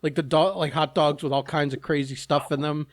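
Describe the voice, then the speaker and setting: A man's voice: a little high, little pitch movement, brisk. A man co-hosting a podcast in casual chat, teasing and rambling with lots of fillers. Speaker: podcast co-host.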